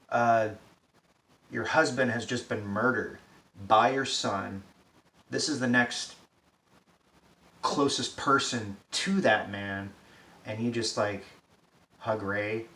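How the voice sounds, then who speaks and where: A man's voice: fairly low pitch, fairly even intonation, slow pace, pauses often, a bit bright. A man ranting in profane, exasperated, sarcastic commentary, recorded from a distance in a roomy space. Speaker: pop-culture commentator. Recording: roomy echo, distant mic, faint hiss.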